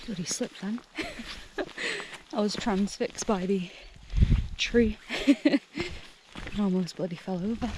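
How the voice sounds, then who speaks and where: Young woman, hiking vlogger, slow and gushing, laughs often, outdoor wind noise on a handheld camera. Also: mid-range voice. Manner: gushing, excitable, laughs often, drops to hushed murmurs. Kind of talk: casual vlog narration while hiking. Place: misty woodland trail outdoors.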